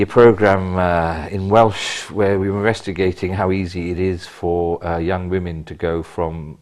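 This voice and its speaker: An older man with a very deep voice tells his stories in an interview. He is animated and punches key words with sudden emphasis. He speaks as a retired police officer recalling his career. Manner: animated storyteller, bursts of emphasis. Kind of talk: anecdotal interview.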